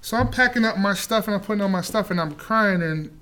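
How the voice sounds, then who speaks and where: Guy from jamaica telling a story, high voice, acts out all the quotes. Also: brisk, pushed and bright. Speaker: guest. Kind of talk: casual storytelling.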